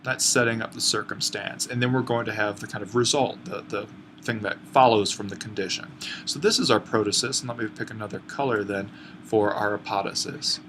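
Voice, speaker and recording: A man's voice: on the low side, steady tone, fairly quick, fairly bright tone, a little hiss or hum. A man teaching an online lesson on classical Greek grammar, explaining step by step and correcting himself as he goes. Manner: explains step by step, thinking aloud with fillers and self-corrections.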